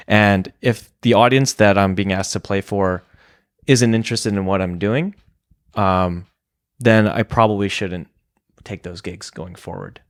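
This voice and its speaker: Low-voiced man telling a candid story. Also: fairly even intonation, moderate pace, clean tone, no room sound, clean studio sound. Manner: reflective, open, with filler words and restarts. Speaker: DJ and podcast guest.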